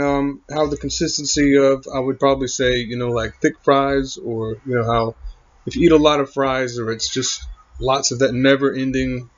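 A man talking in a rambling, halting monologue, full of fillers and trailing thoughts. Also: mid-range voice. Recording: muffled lo-fi recording.

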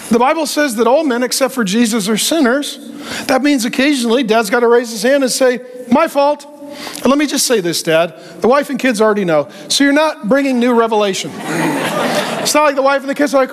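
A man preaching a sermon as a pastor, animated and joking, and acting out the voices he quotes. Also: extremely high pitch, normal speed, slight background noise.

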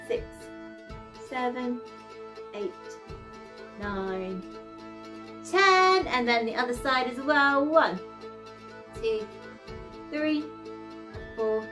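A young woman leading a children's workout, upbeat and encouraging as she counts down the exercises. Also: high-pitched. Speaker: workout instructor. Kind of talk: children's exercise class instruction. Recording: light background music.

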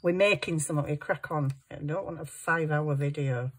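A crafting vlogger works on a junk journal, chatting casually to herself as she goes. Her voice sits low and is slightly rough, and she talks fairly quickly.

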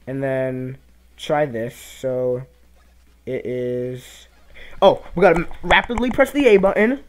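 A young man giving casual gameplay commentary, reacting loudly to the game and muttering asides. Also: fairly high pitch. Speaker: let's play commentator.

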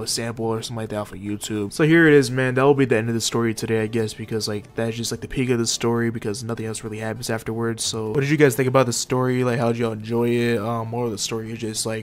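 A teenage boy rattles through a story at a quick clip, his speech loose, slangy and full of swearing. His voice sits at an ordinary middle pitch for a young man. It sounds like a casual vlog. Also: fairly even intonation. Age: teens. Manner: profane, slangy, fast rambling. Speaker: vlogger.

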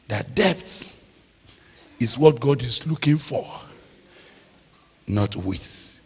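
A man preaching a sermon, slow and emphatic, drawing out phrases and checking in with the audience. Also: mid-range voice, lively intonation, a little mellow, husky. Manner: slow, emphatic, drawn-out phrases with call-and-response questions. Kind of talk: sermon teaching. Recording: long hall reverb.

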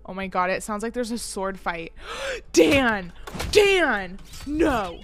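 A woman streaming a game, talking excitedly, gasping, shrieking and swearing, and dropping to whispers while she hides. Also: medium pitch, slow. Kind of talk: excitable gaming stream commentary.

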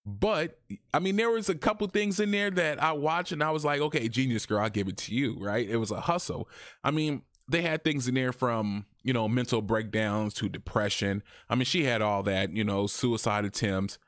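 A man talking casually in a review vlog, chatty and animated, his voice jumping higher when he quotes people. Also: normal speed, dry recording, studio quality. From Arizona, USA. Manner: chatty, animated, often rises in pitch when quoting. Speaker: YouTube reviewer.

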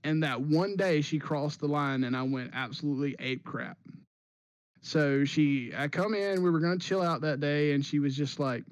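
A podcast host tells a long story in a loose, animated way, often repeating words as he restarts. His voice sits a little high for a man. The sound is dry and close. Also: normal speed, no room sound. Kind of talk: casual storytelling chat.

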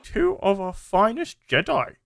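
A man's voice: high-pitched, huge pitch swings, unhurried, creaky, a bit bright, dry recording, pitched above the performer's own voice, exaggerated voice. A man voicing a wizened little male alien sage who talks with inverted word order. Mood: sly.

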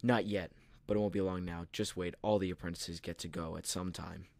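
A man's voice: low voice, steady tone, brisk, gravelly, darkish tone, dry recording, clean studio sound. A man voicing a friendly, easygoing young male apprentice cat. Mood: encouraging.

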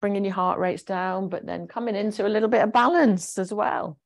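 A woman guides a gentle exercise class at a mid-range pitch. She talks in a chatty, encouraging way and explains each movement as she goes. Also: brisk. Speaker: fitness instructor.

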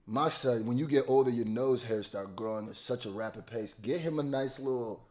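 A man, a rapper, giving casual, animated commentary full of slang and exclamations while reacting to a music video. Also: mid-range voice, moderate pace.

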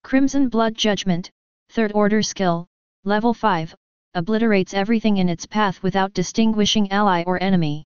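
A woman reads a web novel aloud in a steady, even narration. Her voice is exceptionally smooth and clear. The recording is dry and a little dull in the highs. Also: no echo. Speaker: audiobook narrator. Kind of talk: scripted narration.

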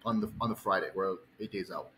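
A man's voice: deep voice, fairly even intonation, fast talker, fairly bright tone, slight background noise, low-quality recording. A male bodybuilding coach telling an angry personal story, heated, profane and rambling.

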